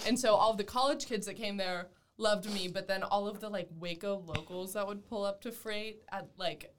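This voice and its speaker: A woman's voice: medium pitch, normal speed, slight background noise. A woman in her twenties from Texas, a podcast guest chatting casually and animatedly telling a story. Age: 20s. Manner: animated storyteller, acts out quotes, laughs often.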